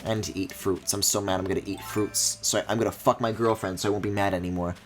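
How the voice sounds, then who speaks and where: A man streaming a video game, thinking aloud in a low mumble and breaking into high, excited squeals and mock-outraged swearing. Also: fast talker, faint music behind. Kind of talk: live-streamed gameplay commentary.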